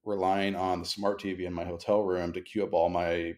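A man with a low, dark, mellow voice co-hosts a podcast over a remote call from a hotel room. He talks in long, articulate, deliberate sentences in a relaxed chat. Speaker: podcast co-host. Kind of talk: casual chat. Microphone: remote call recording.

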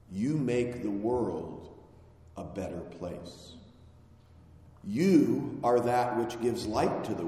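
A man delivers a sermon at an unhurried, deliberate pace, pressing hard on key words and letting phrases fall at their ends. His voice sits at an ordinary middle pitch. It rings out in a very echoey hall with a long reverb tail. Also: a little mellow. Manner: slow, emphatic delivery with falling phrase endings. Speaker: preacher.

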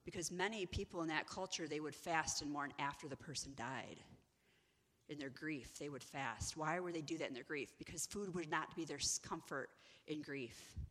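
A woman giving an inspirational teaching talk, animated and acting out the people in her stories. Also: low voice, normal speed, in a large hall. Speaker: ministry executive director.

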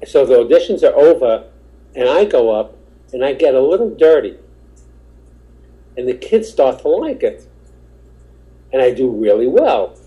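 A man's voice: medium pitch, big pitch swings, measured pace, pauses often, highs cut off. A male stand-up comedian, a podcast guest, telling rambling anecdotes in casual chat and acting out the voices of the people in them. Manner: rambling, acts out quoted voices.

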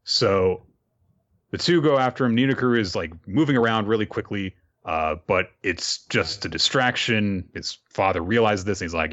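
A man's voice: lowish voice, moderate pace, fairly bright tone, dull audio. A man hosting a podcast, chatting through a recap of an anime episode and laughing as he retells the scenes. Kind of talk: casual recap.

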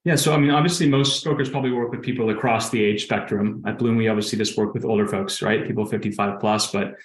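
Male guest expert, quick and relaxed, lowish voice, echoey room. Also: faint music behind. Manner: relaxed, explanatory, with hedging fillers. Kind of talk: podcast interview.

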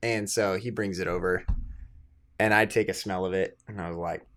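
Male podcast co-host, lower voice, casual and rambling. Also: normal speed. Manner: relaxed, rambling, full of "like" and "um". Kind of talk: casual chat.

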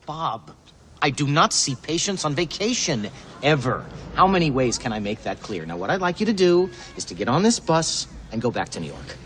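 A man's voice: a little high, very animated, normal speed, a bit bright, slight background noise. An actor playing an exasperated male psychiatrist losing patience with a clingy patient, speaking sternly.

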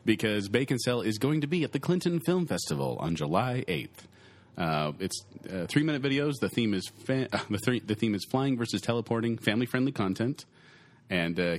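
A young man co-hosts a laid-back podcast, joking his way through the plugs and questions. His voice sits fairly low but swings widely up and down as he talks. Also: brisk. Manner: jokey, lively, often puts on silly voices. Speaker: podcast co-host. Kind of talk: casual podcast chat.

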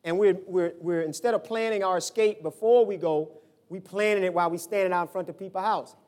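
Man, pastor, sermon, high pitch, storytelling, shouts and low asides. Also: brisk. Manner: animated storytelling, acts out quoted voices, swings from shouts to low asides.

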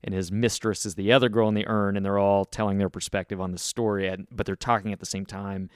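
A man with a lowish, smooth voice co-hosts a casual podcast and talks about films with enthusiasm. The sound is dry and close, with no room around it. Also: level tone, fast talker, no echo. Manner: enthusiastic movie-trivia talk. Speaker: podcast co-host. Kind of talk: casual chat.

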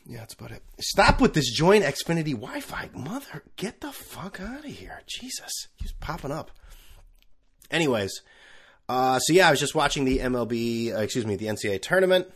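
A man's voice: mid-range voice, very animated, brisk, a bit bright. A man hosting his own podcast, talking alone in a rambling, profane and sarcastic way. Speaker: podcast host. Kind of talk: casual solo chat.

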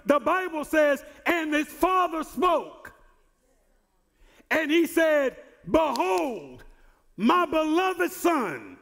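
A male pastor preaching a sermon who repeats and restarts words and builds to shouted emphasis. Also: very high-pitched, in a large hall. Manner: repeats words and stumbles on starts.

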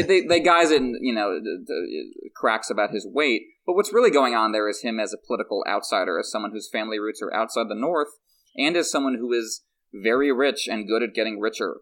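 A man co-hosting a podcast, talking through a book chapter in casual, animated analysis with frequent restarts. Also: mid-range voice. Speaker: podcast co-host.

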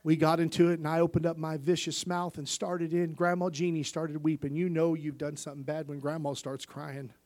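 A male pastor giving a sermon, moving from quiet personal stories to loud, impassioned preaching. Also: a little high, level tone, brisk, few pauses. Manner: impassioned preaching that swings from quiet storytelling to shouting.

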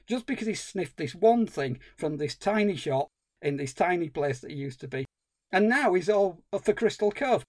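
A man's voice: sits high, animated, normal speed, darkish tone, dry recording. A man co-hosting a film podcast, ranting in exasperated, sweary casual chat. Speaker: podcast co-host.

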